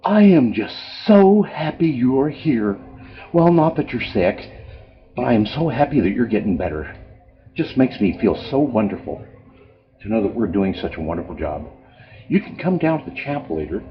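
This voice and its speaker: A man's voice: medium pitch, big pitch swings, normal speed, voice pushed up, lightly acted. A man voicing an overly cheerful woman chapel volunteer who talks in a bubbly, over-sweet way. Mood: gushing. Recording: dull lo-fi home video with faint music.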